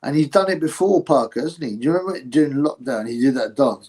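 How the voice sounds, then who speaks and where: Speaking fast with hardly any pauses, a man with a husky, darkish, medium-pitched voice hosts a casual livestream. He reads out viewer comments and replies bluntly, rambling, swearing, and calling people bro.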